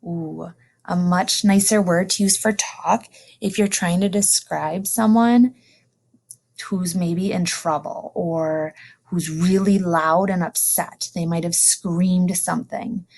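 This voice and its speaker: A woman teacher records a lesson for young children. She talks slowly, with a gravelly edge of vocal fry. She stresses and repeats each new word and greets it with delighted exclamations. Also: fairly low pitch, darkish tone. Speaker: elementary school teacher.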